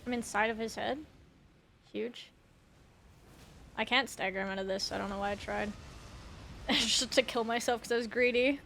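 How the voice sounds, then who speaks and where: A woman's voice: fairly high pitch, steady tone, normal speed, gravelly, long pauses, sharp tone, slight background noise. A young woman streaming a game, chatting casually and laughing often, swearing freely and filling her talk with "like," on a close mic. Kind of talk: casual chat while gaming live.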